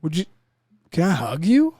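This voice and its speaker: A man's voice: on the high side, moderate pace, no room sound. A man in his thirties, a Marine veteran and podcast host, talking casually and emotionally, swearing a lot and acting out little scenes. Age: 30s. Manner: emotional, profane, animated storytelling. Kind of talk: casual chat.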